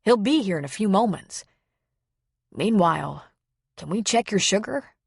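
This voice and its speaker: A woman narrator voicing a kind male pastor who speaks in a steady, measured, reassuring way. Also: medium pitch, gravelly, slightly rough, no echo, studio quality, heavily acted.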